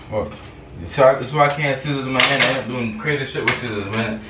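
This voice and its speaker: A man's voice: mid-range voice, brisk, pushed and bright, distant mic. A young man filming a prank at home, repeating apologies and swearing often. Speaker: prankster, channel co-host. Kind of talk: prank video, casual chat. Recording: roomy, off-mic home camera with faint noise.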